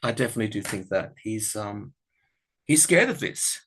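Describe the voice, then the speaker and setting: A man's voice: fairly low pitch, big pitch swings, moderate pace, fairly bright tone, breathy edge. An Australian man chatting casually to camera about politics, rambling and frank. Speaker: tarot and political commentary vlogger.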